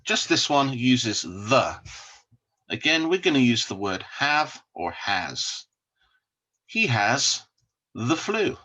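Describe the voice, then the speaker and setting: A man teaching an English vocabulary lesson, saying each word slowly and repeating it for learners to copy. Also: mid-range voice, sing-song, pushed and bright.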